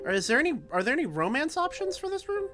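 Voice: high voice, very animated, quick pace, a bit bright, soft background music. A playful co-host joking while playing a game with a friend, often trailing off mid-sentence. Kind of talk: casual co-op game chat.

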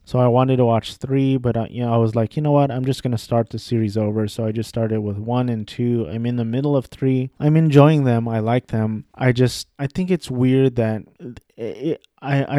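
A man's voice: mid-range voice, fairly even intonation, moderate pace, warm tone, no echo, studio quality. A young man in casual chat about films he has watched, rambling and correcting himself as he goes. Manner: rambling, self-correcting, offhand. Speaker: vlogger.

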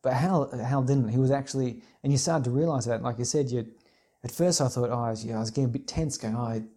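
A man with a dark, mellow tone talks over film scenes in relaxed chat. He is thoughtful and measured, and he quotes lines back in a flat, even delivery. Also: mid-range voice. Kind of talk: casual film discussion.

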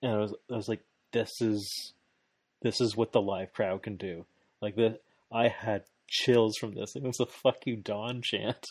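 A man with a lowish voice rattles through a play-by-play recap in casual chat. He sounds excited, laughs a lot and trips over his own restarts. The recording is dry and close, with no room sound. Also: unhurried, slightly rough, no room sound.

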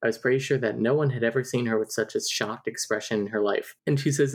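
A woman's voice: extremely low pitch, fast talker, few pauses. A woman casually recapping a romance novel on a podcast, reading out messages and passages and laughing often. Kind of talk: casual book recap chat.

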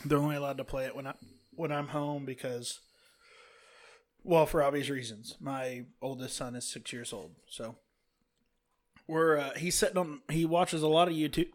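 A young man with hiccups telling a casual story about his son, halting and restarting as he goes. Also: on the high side, steady tone. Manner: halting, restarts often, apologizes.

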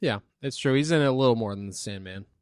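A man's voice: medium pitch, fast talker, smooth. A man co-hosting a podcast in casual, joking banter. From Boston area. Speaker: podcast co-host. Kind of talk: casual chat.

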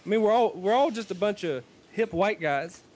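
A man's voice: high voice, lively intonation, moderate pace, darkish tone. A man co-hosting a podcast, dropping jokey wisecracks in casual banter. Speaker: podcast co-host.

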